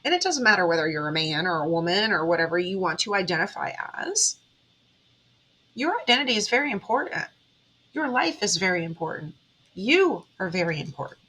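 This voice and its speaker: Woman, spiritual vlogger; bright, higher voice; earnest, emotional pep talk. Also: breathy edge, low-quality recording. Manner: earnest, emotional, talks straight to viewers. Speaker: tarot reader and spiritual vlogger. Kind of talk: heartfelt motivational monologue.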